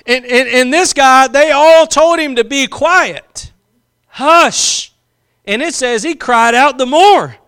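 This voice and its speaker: A man's voice: extremely high pitch, a little slow, few pauses, a bit bright, clean tone. A man preaching a sermon, impassioned, drawing out key phrases for emphasis and acting out quotes.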